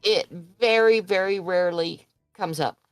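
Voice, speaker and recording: An older woman, a podcast guest, chatting casually in a frank, unhurried way. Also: medium pitch, clean tone, no room sound, faint music behind. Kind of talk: casual chat.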